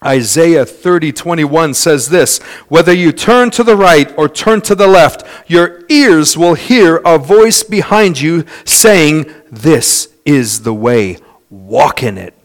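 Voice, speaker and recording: Dynamic male preacher, fairly high voice. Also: lively intonation, slow pace. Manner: dynamic preaching with wide swings in loudness and pace; storytelling with imitated voices of others. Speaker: pastor. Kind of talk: sermon.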